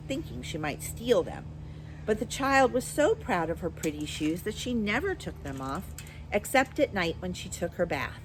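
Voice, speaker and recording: A woman teacher reading a children's storybook aloud with expressive, animated storytelling. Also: lowish voice, normal speed, slight background noise, low-quality recording.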